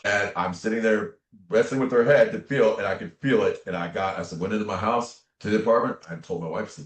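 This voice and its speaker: A man's voice: fairly low pitch, fast talker, hardly any pauses. A man talking as an interview guest, telling a personal story in an earnest, casual way and often adding "man" and "right?". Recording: echoey room.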